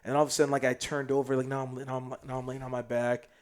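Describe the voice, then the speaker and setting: A podcast guest from South Sudan, this man spins a story in a relaxed chat, talking quickly in a mid-range voice. His delivery is lively and slangy, alternating loud bursts with hushed side remarks.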